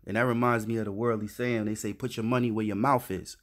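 Low-voiced man preaching in street slang. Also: fairly even intonation, quick pace, hardly any pauses. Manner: reads verses then riffs in slangy street talk, says "man" a lot. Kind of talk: informal scripture teaching.

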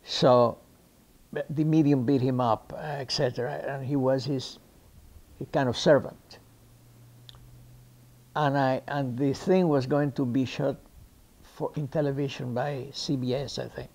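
A Cuban man whose first language is Spanish, speaking English with a Cuban Spanish accent. He is an actor in an interview, telling his anecdotes lively and acting out the people he quotes. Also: mid-range voice, a little slow, pauses often. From Cuba. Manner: lively raconteur who acts out the people he quotes.

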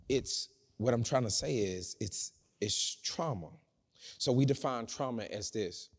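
A man preaching a sermon in a church, swinging between loud shouting and low, hushed talk. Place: church sanctuary. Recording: church hall reverb.

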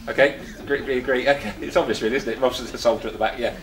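A man's voice: medium pitch, very fast, few pauses, reverberant, slight background noise, rough recording. An older man from England giving a chatty talk to a small group, full of rhetorical questions and restarts. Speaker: presenter. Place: meeting room.

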